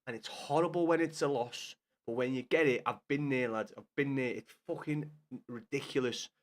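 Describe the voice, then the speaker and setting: Swearing often and bantering loudly with chat, a young man talks casually with viewers during a live gaming stream. He has a mid-range voice and speaks at a normal speed.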